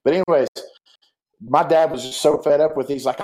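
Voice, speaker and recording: A man's voice: a little high, fairly even intonation, a little fast, darkish tone, rough recording. A man who is a guest on a talk show, telling stories casually and reflecting earnestly, rambling with lots of fillers. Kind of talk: casual storytelling and heartfelt reflection.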